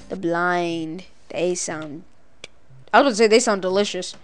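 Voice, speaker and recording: A woman giving playful, excitable let's-play commentary, letting out cartoonish battle cries and laughs as she fights. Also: mid-range voice, moderate pace, smooth. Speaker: gaming video creator.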